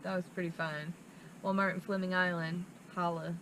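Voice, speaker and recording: A woman's voice: fairly low pitch, flat delivery, normal speed, a bit bright, slight background noise, poor audio. A young woman hosting a casual vlog chat, bubbly and giggly. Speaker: vlog host. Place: outdoors at a fairground campsite.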